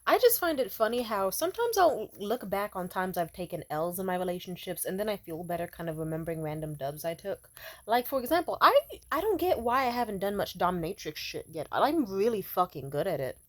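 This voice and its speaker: A woman's voice: mid-range voice, lively intonation, a little fast. Brash, laughing young woman vlogger. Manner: brash, profane and laughing often. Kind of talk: casual storytelling to camera.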